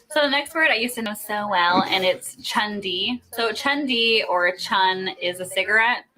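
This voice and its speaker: A woman's voice: mid-range voice, moderate pace, few pauses, background noise. A young woman from North Dakota explaining slang in a casual vlog, playful and sassy, breaking into giggles often. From North Dakota, USA.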